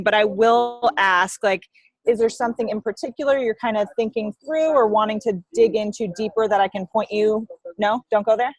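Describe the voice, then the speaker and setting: A woman on a team call, talking casually and haltingly, repeating words as she starts. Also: medium pitch, no echo.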